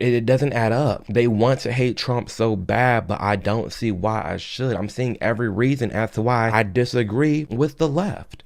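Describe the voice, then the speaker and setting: A man with a fairly low voice delivers opinionated commentary to camera. He talks emphatically and sounds exasperated, stumbling and restarting as he pushes his point. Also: vocal fry. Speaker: political commentary vlogger.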